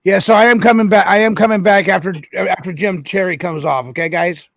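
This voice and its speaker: A man hosts a casual live stream, greeting callers and repeating phrases. His voice is notably high for a man. The sound is close and dry. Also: a little fast, creaky, dry recording. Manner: relaxed, repeats himself, addresses callers by name. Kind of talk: casual chat.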